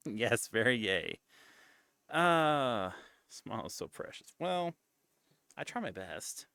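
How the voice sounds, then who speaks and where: Male streamer, casual chat, playful teaser; unhurried delivery, gravelly tone. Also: mid-range voice, big pitch swings, sharp tone, dry recording, studio quality. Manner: playful, teasing. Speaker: VTuber streamer.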